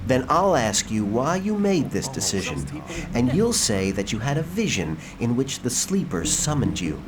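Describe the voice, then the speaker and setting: A man's voice: medium pitch, big pitch swings, normal speed, background noise, close to an everyday voice. An actor playing a scheming male cult novice who coaches the hero on what to say, in video game dialogue. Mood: conspiratorial. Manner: coaching, conspiratorial. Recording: distant voice over game music.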